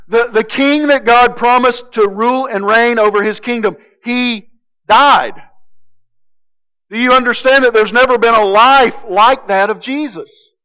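A male pastor preaching with a high, bright, ringing voice that is smooth and clear. He drives his points home emphatically, swinging between loud declarations and hushed intensity. The sound is slightly dull and lo-fi. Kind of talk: sermon.

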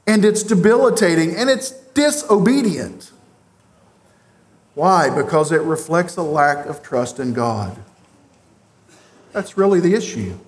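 A man's voice: fairly high pitch, sing-song, a little slow, pauses often. A man preaching a sermon as pastor, speaking earnestly and directly to his congregation in a church sanctuary.

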